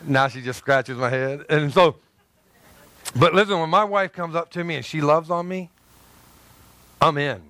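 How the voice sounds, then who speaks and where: A man preaching a sermon as pastor, lively and joking, swinging between loud emphasis and soft asides. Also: a little high, a little slow, pauses often, dry recording.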